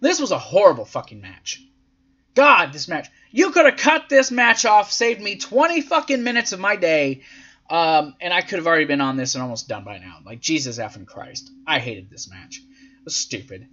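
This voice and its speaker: A high, lively male voice with a bright edge, swearing freely while recapping wrestling matches in a casual, sarcastic tone. He acts out quotes in silly voices, and the recording sounds dull and lo-fi. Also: normal speed. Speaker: podcast host reviewing wrestling events.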